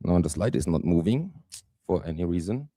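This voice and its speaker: A man in his forties from southern Germany with a German accent, giving a conference talk haltingly with lots of fillers. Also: sits low, sing-song, dark tone, slightly rough, dry recording. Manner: hesitant, many fillers, self-deprecating. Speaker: guest speaker. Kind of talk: conference presentation.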